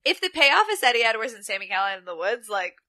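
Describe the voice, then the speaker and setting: A woman's voice: on the high side, fast. A young woman co-hosting a podcast, animatedly recapping a wrestling show in casual chat and acting out the quotes. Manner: animated storytelling, acts out quotes, laughs a lot. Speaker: podcast co-host.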